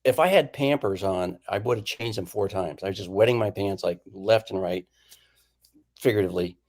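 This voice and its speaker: A man's voice: deep voice, brisk. A man, a painter and guest, casually telling an anecdote and acting out what people said. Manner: animated storyteller who acts out quoted lines. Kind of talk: casual storytelling chat.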